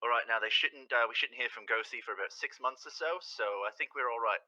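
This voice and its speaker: A man voicing an overeager, flustered male ferry guide in a tabletop game, stammering and excitable. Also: mid-range voice, fast, dull audio, crowd noise, close to an everyday voice. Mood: goofy.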